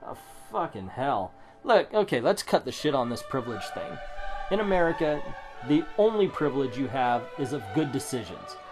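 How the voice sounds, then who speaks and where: A man's voice: medium pitch, big pitch swings, normal speed. A middle-aged man reviewing a comic book, sarcastic and ranting, swearing now and then. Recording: music playing under the voice. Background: background music.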